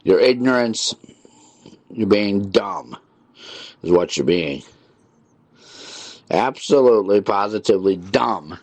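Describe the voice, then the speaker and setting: A low-voiced male radio host talking into a studio mic, annoyed and repetitive as he scolds callers. The sound is dry and close, with no room around it. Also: expressive, slow pace, creaky, pauses often, a little mellow, no echo. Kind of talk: call-in radio talk. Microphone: studio mic with headphones.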